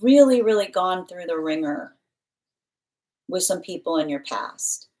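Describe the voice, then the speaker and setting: A woman's voice: on the low side, animated, measured pace, poor audio. Chatty woman doing live tarot readings. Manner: chatty, warm-hearted, reads comments aloud; rambling with many fillers when reading cards. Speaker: tarot reader.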